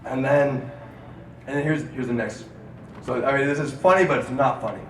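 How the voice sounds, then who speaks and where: A man giving an inspirational speech to a live audience in a student lounge, rousing the crowd into call-and-response chants and swinging between loud and hushed delivery. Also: medium pitch, moderate pace. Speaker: motivational speaker. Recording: roomy, distant mic, audience and room noise.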